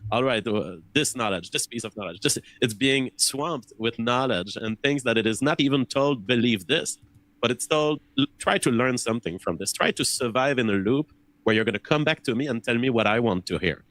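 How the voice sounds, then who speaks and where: A man's voice: medium pitch, normal speed, a bit bright, rough recording. A man in a conversation earnestly explaining his ideas, often repeating words as he thinks. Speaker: interview guest.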